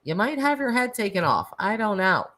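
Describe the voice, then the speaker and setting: A woman's voice: mid-range voice, big pitch swings, moderate pace, a bit bright. A woman hosting a casual live stream, chatting and laughing as she reacts to viewer comments. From United States. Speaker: livestream host.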